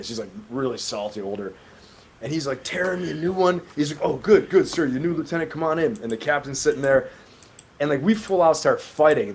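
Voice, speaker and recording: A man's voice: medium pitch, a little mellow. A man, a former Marine officer on a panel, telling a story in casual chat and laughing through it.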